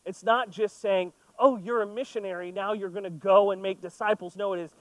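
A man's voice: high voice, moderate pace, fairly bright tone, dry recording, low-quality recording. A man preaching a sermon, reading scripture and then talking through it in a conversational way with playful asides. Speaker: pastor.

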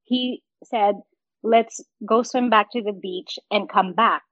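A woman's voice: medium pitch, slow pace, fairly bright tone, no echo, lo-fi sound. A woman co-hosting a casual podcast, telling a story with frequent laughs and acting out the lines she quotes.

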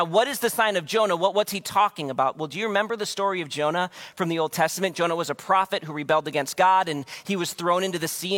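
A man's voice: on the high side, a bit bright. Conversational male pastor preaching. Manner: conversational, acts out quotes. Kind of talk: sermon.

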